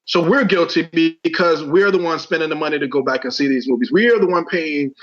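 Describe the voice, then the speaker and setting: Animated man arguing his point, lo-fi sound. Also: fairly high pitch, quick pace. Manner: animated, argues his point, keeps saying listen. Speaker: podcast co-host. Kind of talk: casual chat. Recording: dull lo-fi sound.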